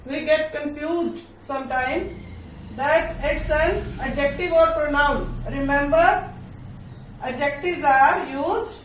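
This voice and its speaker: A woman teaching grammar, speaking deliberately, repeating key points and often checking with "all right?". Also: high-pitched. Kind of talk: grammar lesson. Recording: echoey room from a distance, faint ambient noise.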